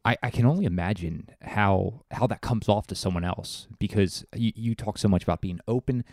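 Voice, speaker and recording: Deep, mellow-voiced male podcast host. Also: moderate pace, no echo, clean studio sound. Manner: stammering restarts when asking questions. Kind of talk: podcast interview.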